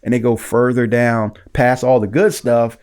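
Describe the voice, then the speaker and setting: A man sharing his recovery story in casual conversation, lively and acting out the voices of the people in it. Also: medium pitch, moderate pace, smooth.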